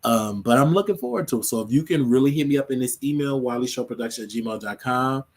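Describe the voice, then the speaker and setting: A man's voice: mid-range voice, fast talker. A man hosting his own show, chatting casually and rambling on a livestream, laughing often. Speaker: show host.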